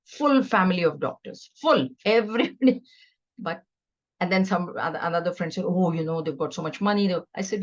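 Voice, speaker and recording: A woman's voice: on the low side, lively intonation, fairly quick, muffled recording. A middle-aged woman giving a scripture class, teaching earnestly and conversationally with stories. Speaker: spiritual teacher.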